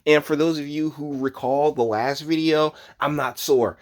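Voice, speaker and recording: A man's voice: fairly high pitch, fairly even intonation, moderate pace. A man hosting his own channel, reading news articles and ranting about them in a rambling, profane, sarcastic way, breaking into laughter often. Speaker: channel host. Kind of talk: casual news commentary rant.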